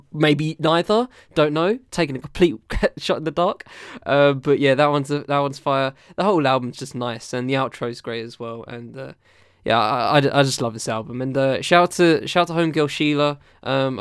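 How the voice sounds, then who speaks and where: A man's voice: mid-range voice, clean tone, no echo, studio quality. A man hosting a casual podcast, talking through albums in a loose, rambling way with many fillers and restarts. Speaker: podcast host reviewing albums. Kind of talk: casual chat.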